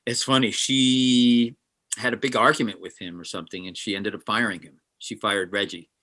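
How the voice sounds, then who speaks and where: A man's voice: fairly low pitch, normal speed. A man, a session guitarist, telling stories in an interview and acting out the quotes. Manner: animated, acts out quotes. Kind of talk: interview storytelling.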